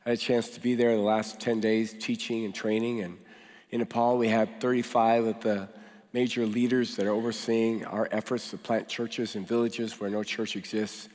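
A man with a cold, his voice deeper than usual, giving a sermon as pastor to his church with casual joking asides. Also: a little mellow. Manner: joking, conversational preaching with fillers. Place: large church hall. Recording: long hall reverb.

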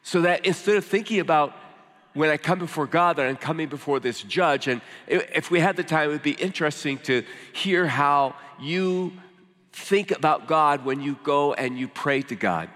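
A male pastor preaching a sermon, swinging from emphatic lines to hushed, slow scripture reading. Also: a little high, long reverb tail.

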